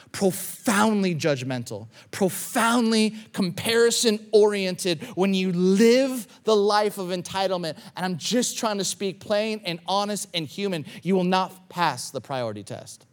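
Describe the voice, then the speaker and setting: A man preaching a sermon in a conversational way, repeating phrases and acting out quoted inner thoughts. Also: sits high. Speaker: pastor.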